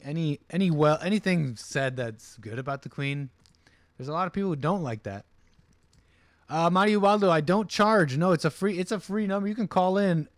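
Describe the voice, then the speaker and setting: A man's voice: a little high, no echo. A man hosting a casual livestream, rambling with many fillers and restarts and mocking voices for the people he quotes. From United States. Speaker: livestream host.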